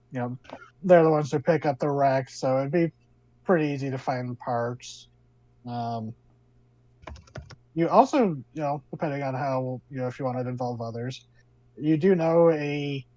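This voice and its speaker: A man's voice: mid-range voice, a little mellow, rough recording. A man narrating as game master of a tabletop game, rambling with many fillers.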